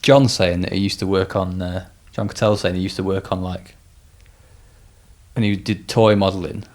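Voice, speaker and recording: Low-voiced male podcast host. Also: fairly even intonation, moderate pace, darkish tone. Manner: easygoing, frequent agreeing interjections. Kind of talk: casual chat.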